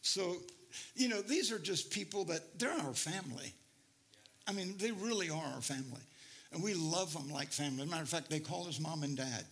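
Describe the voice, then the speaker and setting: Brief: male preacher, middle-aged, high, ringing voice, lively storytelling sermon. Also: fairly quick. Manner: animated, laughing, rises to near-shouting in stories. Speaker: missionary preacher.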